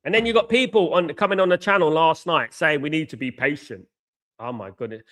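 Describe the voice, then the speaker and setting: A man's voice: a little high, brisk, fairly bright tone. A man hosting a live football watchalong, ranting in a frustrated way, repeating himself often and filling gaps with ums. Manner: frustrated, repetitive ranting with many fillers. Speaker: host of a football fan channel. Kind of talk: live watchalong rant to viewers.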